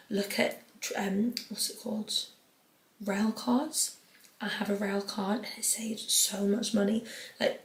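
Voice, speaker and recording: A woman's voice: mid-range voice, vocal fry. A young British woman hosting an advice podcast, chatting casually with lots of "like" and reading out listener letters. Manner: chatty, fills nearly every phrase with "like"; reads out listener letters, then answers them. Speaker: podcast host giving advice. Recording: roomy echo.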